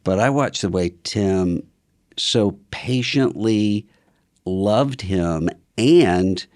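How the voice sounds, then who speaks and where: An older man, a podcast guest, telling stories in a thoughtful, measured way. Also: fairly low pitch, darkish tone, dry recording, studio quality. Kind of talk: casual conversation.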